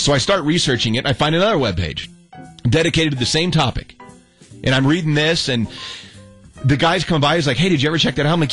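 A young adult man telling a story in casual chat, animated and acting out the quotes, with many restarts. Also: on the high side, quick pace, soft background music. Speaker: storyteller guest.

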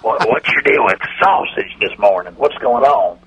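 A man's voice: lowish voice, animated, normal speed, a bit bright, slightly rough, full character voice, rough recording. A man voicing a pompous, folksy older football team owner who talks in a hesitant, self-important way full of filler sounds. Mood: exasperated. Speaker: impression on a radio comedy bit.

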